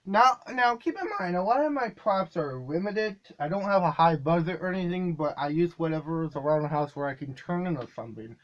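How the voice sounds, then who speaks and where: The audio is dull, and the man's slightly high, animated voice moves briskly with hardly any pauses. He's a video creator casually walking through how his comedy videos get made, rambling somewhat and correcting himself mid-thought.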